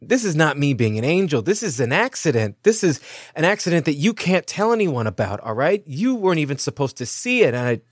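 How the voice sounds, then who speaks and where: A man's voice: a little high, very animated, a little fast, few pauses, slightly rough, no echo, clean studio sound, voice pushed up. A man voicing a flustered young male kid who stammers and trips over his words. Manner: stammering, nervous.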